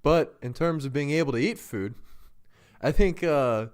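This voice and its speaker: A man's voice: fairly high pitch, animated, unhurried. A man co-hosting a casual political podcast, talking with wry, joking asides. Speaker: podcast co-host and editor.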